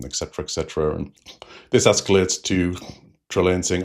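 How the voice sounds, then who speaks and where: Man, low pitch, casual rambling recap, digressive, host. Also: normal speed. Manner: rambling and digressive, with frequent fillers. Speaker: host of a TV episode review channel.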